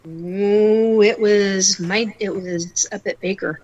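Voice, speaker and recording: A middle-aged woman, a psychic guest, telling her stories in a casual and animated way and acting out the voices in them. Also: mid-range voice, slow pace, highs cut off. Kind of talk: casual storytelling interview.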